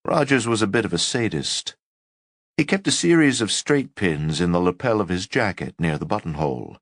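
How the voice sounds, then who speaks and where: A man reading a first-person memoir as an audiobook in a measured, wry way. His voice is low and moves widely in pitch. The recording is dry and close. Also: lively intonation, dry recording. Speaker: audiobook narrator.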